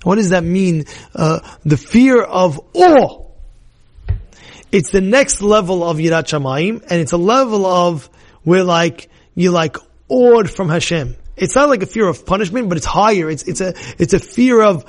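A man teaching a Torah class as a rabbi, animated and emphatic, repeating phrases to drive points home. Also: high voice, unhurried. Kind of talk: lively sermon-style Torah lesson.

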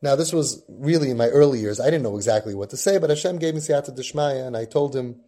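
A man's voice: medium pitch, fast, warm tone. A man hosting a parenting podcast, telling a long personal story with Yiddish and Hebrew terms. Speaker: podcast host and parenting guide. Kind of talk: storytelling talk.

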